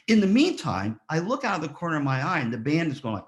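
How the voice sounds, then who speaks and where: A man's voice: fairly high pitch, fast talker. A man giving a motivational speech at a graduation ceremony, telling stories and asking the audience rhetorical questions. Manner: lively storyteller, rhetorical questions, acts out quotes. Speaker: ceremony speaker.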